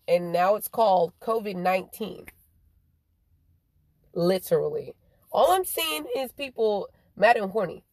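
A woman, ranting in a profane stream-of-consciousness monologue, swinging between drawn-out slow phrases and quick bursts. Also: medium pitch, a little mellow, dry recording.

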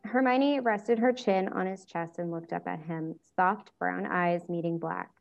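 A woman hosting a podcast and reading a story aloud in a calm, even way. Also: on the low side, measured pace, creaky, muffled recording. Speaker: podcast host and reader. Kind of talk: reading fan fiction aloud.

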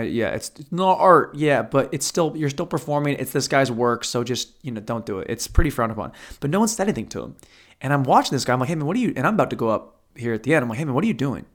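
A man's voice: medium pitch, expressive, a little fast, a bit bright. Profane, rambling male stand-up comic. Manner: profane, rambling, self-deprecating. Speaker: stand-up comedian. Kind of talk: stand-up storytelling.

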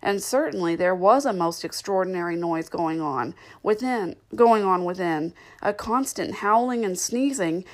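A woman narrating a classic children's story in a measured, clear storytelling manner, with the odd slip. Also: medium pitch, low-quality recording. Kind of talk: audiobook reading of a classic novel.

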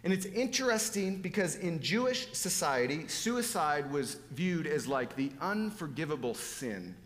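A man preaching a sermon, animated and emphatic, swinging between loud exclamations and hushed asides. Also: fairly high pitch, unhurried, in a large hall.

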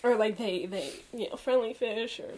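Young woman, casual chat, enthusiastic, quick to agree, slightly high-pitched. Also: a loud crowd, poor audio. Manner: enthusiastic, frequent "I know" and "oh my gosh".

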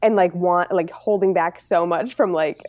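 Mellow, dry-sounding young woman talking earnestly. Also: lowish voice, fairly even intonation, normal speed, no room sound, muffled recording. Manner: earnest, self-deprecating, heavy use of "like". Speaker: podcast co-host. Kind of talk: casual candid conversation.

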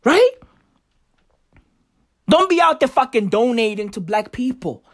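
Slow, high-voiced woman ranting in stand-up. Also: sing-song, no echo, studio quality. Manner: profane and emphatic, with slangy asides. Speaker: comedian. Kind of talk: stand-up comedy rant.

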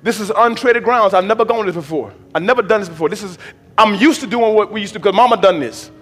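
In a large church hall, a male preacher delivers a sermon. He moves from low murmurs to shouted, drawn-out exhortation, repeating phrases in a rhythmic preaching cadence.

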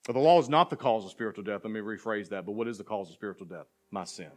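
A man's voice: fairly low pitch, expressive, very fast, hardly any pauses, faint music behind. A man preaching a sermon to a church as pastor, asking the congregation questions and building to emphatic passages. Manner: preaching with rising intensity and call-and-response questions.

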